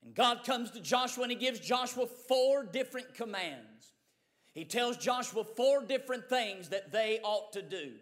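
A man's voice: very high-pitched, lively intonation, unhurried, a bit bright. A man preaching a sermon in a church, repeating phrases rhythmically and building to fervent Pentecostal intensity. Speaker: pastor. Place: church sanctuary. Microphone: mic run through a sound board.

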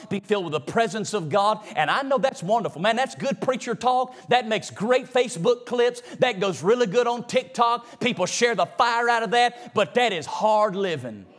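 A man preaching a sermon in a church, fiery and rhythmic, singing out some phrases. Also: high-pitched. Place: church sanctuary.

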